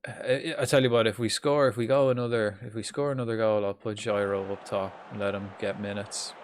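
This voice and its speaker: A man's voice: fairly low pitch, a little fast. An Irish man commentating live on a football management game, swearing freely and chatting with viewers. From Ireland. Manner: swearing, excitable, chatting with chat. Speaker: streamer.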